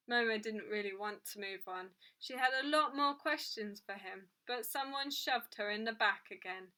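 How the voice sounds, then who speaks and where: A woman reading a children's book aloud in a clear, steady way. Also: fairly high pitch, moderate pace, few pauses. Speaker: storyteller.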